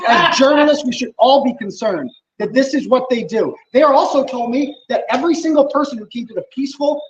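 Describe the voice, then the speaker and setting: A man's voice: very high-pitched, a little hiss or hum. Man, defiant reporter, courthouse steps, dull lo-fi news audio, faint outdoor ambience. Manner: defiant, emphatic, talking over a crowd of reporters. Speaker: independent reporter. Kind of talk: outdoor press statement.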